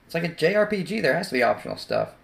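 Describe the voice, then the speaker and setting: A man giving casual let's play commentary over a video game, chatty, sarcastic and excitable. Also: fairly high pitch, very fast, creaky.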